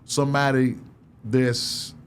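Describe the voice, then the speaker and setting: A middle-aged man, an interview guest telling candid stories, often laughing and acting out quotes in a higher voice. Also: flat delivery, slow pace, slight background noise. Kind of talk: candid conversational storytelling.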